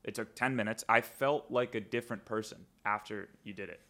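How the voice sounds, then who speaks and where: A man's voice: on the low side, brisk, sharp tone. A man hosting a podcast interview, asking questions with an enthusiastic, admiring manner. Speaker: podcast host.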